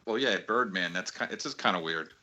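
A man's voice: on the low side, fairly quick, bright, forceful tone, dull audio. A man in a casual podcast chat, joking and playful.

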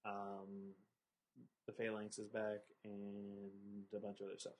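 A young man co-hosting a casual podcast, talking with excited fan enthusiasm and a lot of ums. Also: lowish voice, takes it slowly, poor audio. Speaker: podcast co-host.

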